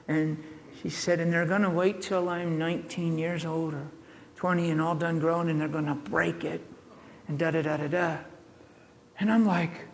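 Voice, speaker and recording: A man's voice: fairly high pitch, normal speed, in a large hall, a little hiss or hum. A man preaching in a church, telling a healing story with laughs and acted-out voices. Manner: animated, laughing, acts out voices in his story. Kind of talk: storytelling sermon.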